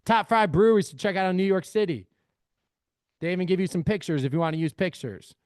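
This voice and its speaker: A man's voice: high voice, fast talker, a little mellow, no echo, studio quality. A man leading a live screen-share workshop, talking energetically and calling his audience family. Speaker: real estate AI trainer.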